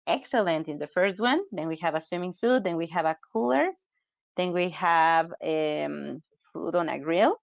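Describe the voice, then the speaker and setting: A woman's voice: on the low side, no room sound. Upbeat woman teacher. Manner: upbeat, chatty, reacts to chat comments. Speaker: English teacher trainer. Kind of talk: online webinar teaching. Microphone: computer mic on a video call. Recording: dull, dry webinar audio.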